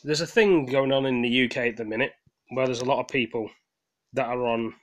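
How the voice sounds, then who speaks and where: A man's voice: mid-range voice, steady tone, fairly quick. A man vents in a rambling casual vlog rant. His voice sounds tired, and he talks in a heated way, swears, stumbles over restarts and apologizes to his viewers. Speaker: gaming vlogger. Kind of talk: casual ranting monologue.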